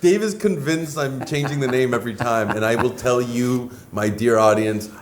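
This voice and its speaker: A man's voice: mid-range voice, normal speed, a crowd in the background. A man who is a player in a tabletop game, chatting casually and laughing playfully. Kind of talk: casual chat.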